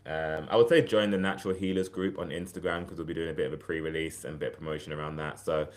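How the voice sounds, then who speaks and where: Male livestream host, deep voice, loose and chatty, restarts sentences often. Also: steady tone, fast talker. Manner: chatty, rambling, many fillers and restarts. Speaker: herbal health livestream host. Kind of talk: casual livestream talk.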